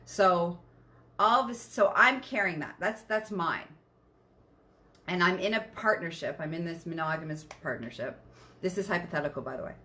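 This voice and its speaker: Bright-voiced, candid woman coach. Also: lowish voice, moderate pace. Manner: candid and animated, swears freely, acts out quoted outbursts. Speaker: sexual wellness coach, podcast guest. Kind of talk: casual explanatory talk.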